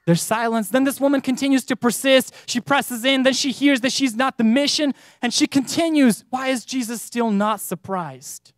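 A man's voice: very high-pitched, no room sound. Earnest preaching man, dry sound. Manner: earnest, with emphatic rises and drawn-out stresses. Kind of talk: sermon. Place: church.

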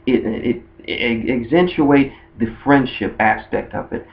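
A man's voice: medium pitch, slow, vocal fry. A man talking casually about a cartoon ship in a rambling way, often restarting his sentences. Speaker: anime fan video host. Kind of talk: casual fan monologue. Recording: dull lo-fi recording.

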